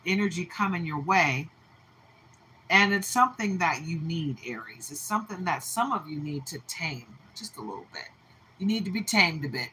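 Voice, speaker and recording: Lively, bright-voiced woman tarot reader. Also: on the low side, slight background noise, rough recording. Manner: animated, playful, sings and laughs. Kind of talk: casual tarot reading. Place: home with dogs.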